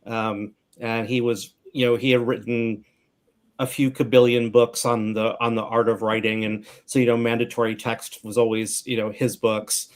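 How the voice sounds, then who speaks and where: A man's voice: medium pitch, flat delivery, moderate pace. A man hosting a casual interview, jokey with playful slang and stumbling restarts. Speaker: host.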